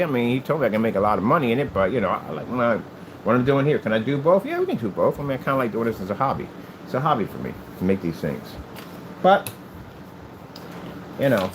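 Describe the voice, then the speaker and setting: A man's voice: medium pitch, background noise. A man from the United States talking in a rambling, emphatic vlog monologue about his hobby channel. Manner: emphatic, repetitive ranting. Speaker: hobby crafter and channel owner.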